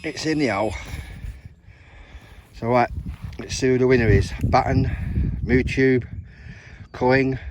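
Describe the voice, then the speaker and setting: A man's voice: medium pitch, slow pace, pauses often. A middle-aged man with a West Country accent, chatting to viewers while metal detecting in an open field. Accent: English West Country. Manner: chatty, addresses viewers as mate and guys. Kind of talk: casual outdoor commentary. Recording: noisy outdoor field recording.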